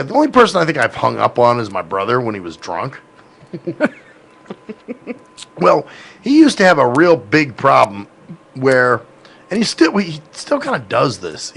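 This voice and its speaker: A man's voice: mid-range voice, gravelly, a bit bright, slightly rough. A man hosting a podcast in casual, rambling chat, swearing often and laughing. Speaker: podcast host.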